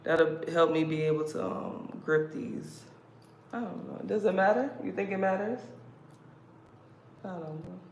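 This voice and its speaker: A woman's voice: on the low side, measured pace, creaky, long pauses, a little mellow. A woman from the States hosting a casual livestream, chatty and playful, laughing as she talks. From United States. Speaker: livestream host. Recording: roomy echo, background noise.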